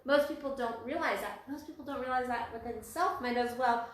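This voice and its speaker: A woman's voice: a little high, brisk. A woman co-hosting a casual talk, reflecting thoughtfully and chiming in to agree with her partner. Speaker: podcast co-host. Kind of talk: casual conversation. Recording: echoey room, voice a little far from the mic.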